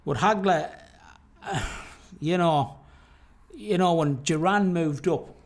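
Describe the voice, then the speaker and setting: A man's voice: a little high, slow. A man co-hosting a boxing podcast, talking casually and often trailing off and restarting mid-thought. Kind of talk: casual debate.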